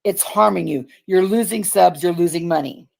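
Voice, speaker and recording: A woman's voice: lowish voice, moderate pace, vocal fry. A woman on a livestream who talks bluntly and mockingly and swears freely. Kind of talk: casual livestream chat.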